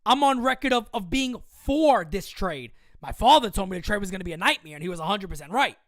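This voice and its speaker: A woman's voice: medium pitch, animated, fairly quick, dry recording, studio quality. A woman in her thirties hosting a sports livestream, ranting heatedly with profanity and repeating her points for emphasis. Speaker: livestream host. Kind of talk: sports fan rant on a livestream.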